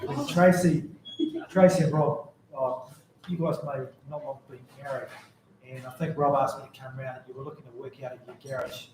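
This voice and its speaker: A man's voice: mid-range voice, little pitch movement, brisk, hardly any pauses, noisy background. A man with a New Zealand accent gives a memorial speech full of rambling, jokey anecdotes about a friend. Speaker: mourner giving a tribute. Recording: very echoey room.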